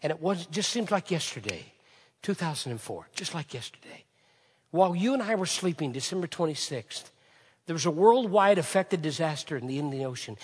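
Man, impassioned sermon, raised then hushed delivery, slightly high voice, long hall reverb. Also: sing-song, a little fast, slightly rough. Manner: impassioned preaching, swinging from shouts to hushed lines. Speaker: pastor.

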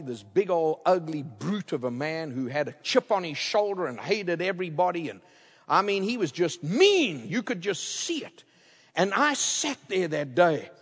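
Guy preaching with a headset mic, goes loud then real quiet, big echoey church sound. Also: on the high side. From outside the United States. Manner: animated, swings from loud to hushed. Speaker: guest preacher. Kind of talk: storytelling sermon. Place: large church. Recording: long reverb of a large church.

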